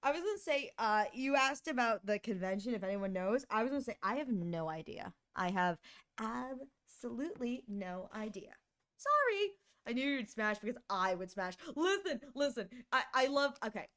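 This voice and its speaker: A woman's voice: fairly high pitch, very animated, normal speed, a bit bright, clean tone. A woman streamer chatting casually and playfully with her viewers, rambling, giggling and restarting her words.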